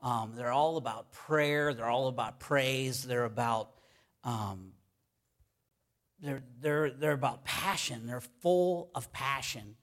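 A man's voice: medium pitch, slow, fairly bright tone. A man preaching a sermon to his congregation in a casual, enthusiastic way, with many fillers and restarts. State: sweaty. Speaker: pastor.

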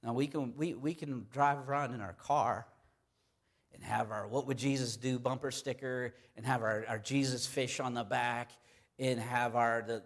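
A man preaching a sermon in an earnest, emphatic manner, repeating key phrases to drive them home. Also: medium pitch.

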